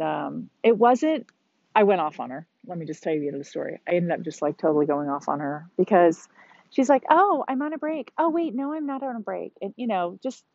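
A woman's voice: fairly low pitch, no room sound. Frank, exasperated woman venting on a podcast. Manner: candid and exasperated, venting with mild swearing. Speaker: podcast host. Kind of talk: casual solo monologue. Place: outdoors on a beach. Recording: dull, slightly lo-fi sound.

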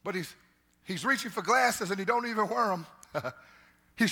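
A man pastor preaching a sermon in a church, calling out to the congregation, repeating words and building to shouts. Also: sits high, animated, moderate pace, creaky. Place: church sanctuary.

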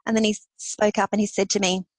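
A woman, a podcast guest, telling a personal story in an animated way and laughing often between phrases. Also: mid-range voice, fast talker, no room sound, poor audio.

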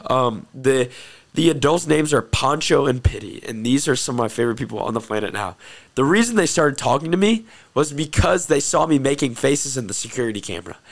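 A young man earnestly telling a personal testimony story, excitable and repeating phrases for emphasis. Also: mid-range voice, fairly quick, creaky. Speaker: host telling his testimony.

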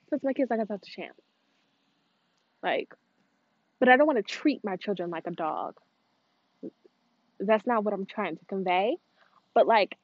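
A woman's voice: medium pitch, no echo. Chatty woman with a dull, dry sound. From United States. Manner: chatty, meandering, stops to coax her dog. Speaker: cooking vlogger. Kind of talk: casual chat while cooking. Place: at home, moving between kitchen and outdoors.

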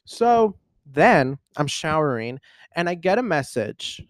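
A man in his twenties hosting a podcast, telling a personal story in a casual, animated, rambling way with lots of fillers. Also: on the high side, slow, dry recording, clean studio sound. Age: 20s. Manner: animated, rambling, heavy use of "like". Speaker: podcast host.

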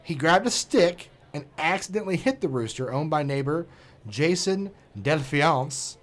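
A man's voice: fairly high pitch, animated, measured pace. A man co-hosting a podcast, joking crudely and reading a news story aloud with mocking asides. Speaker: podcast co-host. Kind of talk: casual chat.

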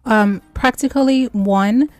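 A woman speaking as a nutrition expert on a radio health show, explaining slowly and listing her points by number. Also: on the high side, dry recording, faint music behind.

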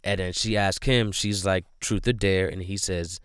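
Rambling low-voiced man recapping a movie. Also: steady tone, moderate pace, fairly bright tone, clean tone, no room sound, studio quality. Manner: rambling, heavy on "like" and "you know"; earnest and emphatic about his feelings. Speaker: movie reviewer.

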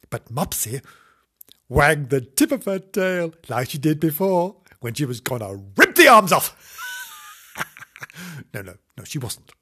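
A man reads a children's story aloud in a slow, unhurried way, his voice husky and rough at the edges. His pitch bobs up and down in a lively sing-song, and he keeps slipping into cheeky asides and mock apologies.

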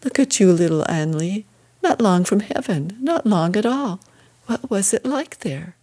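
A woman's voice: medium pitch, expressive, unhurried, dark tone, pitched above the performer's own voice. A woman voicing a middle-aged mother who fusses and speaks emphatically. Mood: tender.

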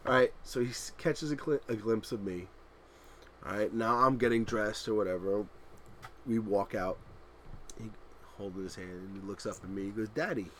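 A man in his thirties co-hosting a podcast, telling animated family stories in casual chat and laughing loudly at them. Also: lowish voice, moderate pace, a little hiss or hum. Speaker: podcast co-host.

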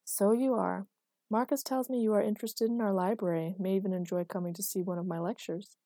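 A genial, courteous older father who greets guests politely, as a woman narrator voices him. The voice is warm and mellow, close and dry. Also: medium pitch, fairly even intonation, a little fast, dry recording, lightly acted. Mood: welcoming. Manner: polite, welcoming.

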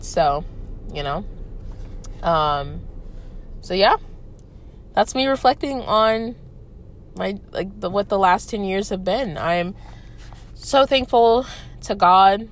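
A woman's voice: mid-range voice, animated, slow, pauses often. A woman in her twenties hosting a solo podcast, reflecting candidly and emotionally, swearing freely with plenty of fillers. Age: 20s. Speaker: podcast host.

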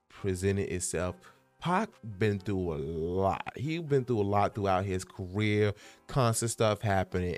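Young man, low voice, rambling vlog monologue, lots of ums, faint music behind. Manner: rambling, animated, many fillers and restarts. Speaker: YouTube host.

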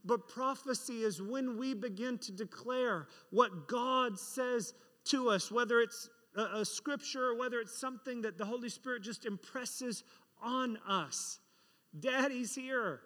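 A man's voice: extremely high pitch, a little slow, sharp tone. A man preaching a sermon and telling a story from his life, acting out the voices of the people in it. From England. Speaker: pastor. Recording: reverberant hall.

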